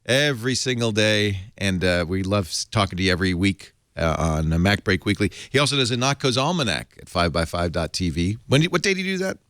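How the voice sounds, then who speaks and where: A man's voice: fairly low pitch, expressive, a bit bright, dry recording. A man hosting a casual tech podcast from a studio, joking with his panel and plugging the show. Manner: jokey, quick asides and show plugs. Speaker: podcast host. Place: studio with audience.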